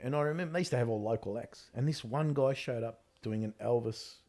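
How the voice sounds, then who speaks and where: A man in his fifties with an Australian accent, a comedian telling animated stories with lots of swearing and "mate". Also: medium pitch, fairly quick. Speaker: comedian guest. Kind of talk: casual storytelling chat.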